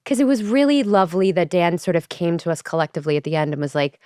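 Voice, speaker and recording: A woman's voice: on the low side, quick pace, clear, resonant tone, no room sound, studio quality. A woman in her forties co-hosting a podcast in casual chat, asking rambling questions full of "like.". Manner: warm, rambling questions with many "like"s. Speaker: podcast co-host.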